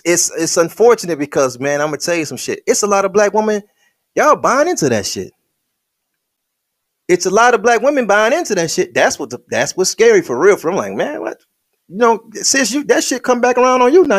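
High, lively-voiced man ranting. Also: no room sound, clean studio sound. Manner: heated, profane, emphatic and repetitive; addresses the listener directly, colloquial. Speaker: online commentator. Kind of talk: opinionated commentary rant.

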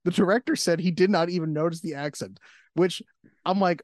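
A man's voice: sits high, brisk, dry recording, clean studio sound. A man co-hosting a podcast in casual chat, laughing often and acting out quotes. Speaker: podcast co-host.

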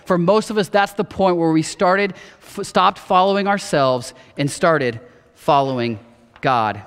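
A man in his thirties giving a sermon as pastor, telling a personal story earnestly and dropping softer for quoted words. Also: high-pitched, a little slow, clear, resonant tone. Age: 30s. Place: church auditorium. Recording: long reverb of a church hall.

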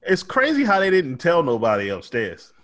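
A man's voice: on the high side, wildly swooping pitch, normal speed, a bit bright. A man co-hosting a podcast, chatting casually and joking with profanity about a TV episode. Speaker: podcast co-host.

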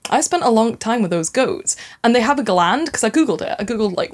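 A woman's voice: a little high, expressive, brisk. A woman with a Scottish accent, a podcast guest in casual chat who tells rambling stories and laughs often.

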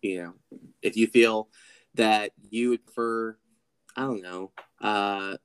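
A man's voice: on the low side, steady tone, slow pace, clean tone. A man co-hosting a casual film discussion podcast, joking and swearing as he wraps up the episode. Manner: joking, profane, wraps up the show. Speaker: podcast co-host.

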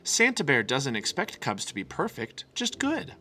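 A man voicing a gentle, reassuring mother bear in a storybook reading. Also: mid-range voice, huge pitch swings, normal speed, soft background music. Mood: soothing. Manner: soothing, reassuring.

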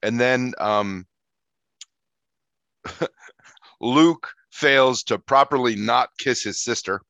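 Bright, dry-voiced man arguing casually. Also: medium pitch, drawn-out words, gravelly, no room sound. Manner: dry, argumentative, sarcastic. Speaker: podcast co-host. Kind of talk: casual chat.

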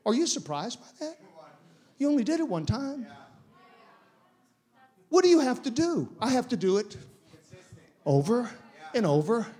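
A man, a guest pastor, preaching a sermon in an animated, repetitive way, going through steps one by one. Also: extremely high pitch, measured pace, pauses often, slightly rough. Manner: animated, repetitive step-by-step demonstration.

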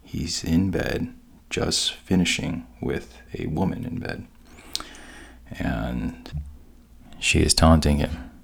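A man retells a story casually, pausing as he goes. His voice is extremely deep and slow, with a gravelly, husky texture. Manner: unhurried, halting with pauses.

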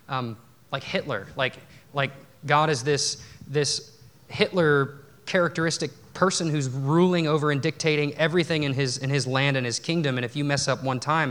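A man's voice: mid-range voice, a bit bright. A man preaching a sermon in a church, talking conversationally with restarts and self-deprecating asides. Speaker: pastor. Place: church sanctuary.

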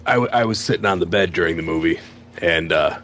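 A man telling a profane story in casual chat, shouting out the quoted lines of others. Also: low-pitched, fast, a little hiss or hum.

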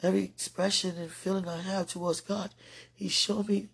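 A woman podcaster giving a slow, earnest, deeply emotional devotional monologue. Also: level tone, creaky, slightly rough.

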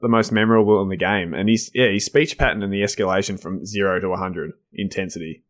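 A man's voice: low voice, steady tone, quick pace. A man co-hosting a podcast in casual chat, enthusiastic and laughing often, with many fillers and restarts. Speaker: podcast co-host.

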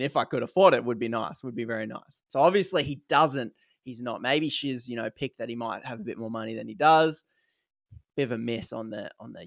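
A man tells a story in a loose, chatty way, voicing the people in it as he goes. His voice sits at a middle pitch. The recording is dry and close, with no room sound. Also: gravelly, no room sound. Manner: animated retelling, acting out quoted lines, frequent fillers. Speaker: podcast co-host telling a story. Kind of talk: casual storytelling chat.

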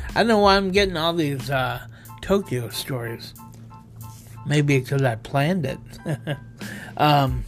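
A man hosting a casual solo podcast, reading odd news stories in a loose, rambling way and stumbling over words. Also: fairly high pitch. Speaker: podcast host.

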